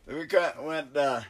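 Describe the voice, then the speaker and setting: A man's voice: a little high, slightly rough. Older man telling rambling hunting yarns. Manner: rambling, profane and laughing. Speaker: storyteller among hunters. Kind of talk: casual storytelling.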